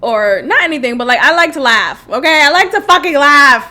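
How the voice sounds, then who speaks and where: A woman's voice: sits high, a little fast. A woman of thirty, hosting a comedy podcast in a casual monologue and laughing often as she talks. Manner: laughs often, animated and chatty. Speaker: podcast host.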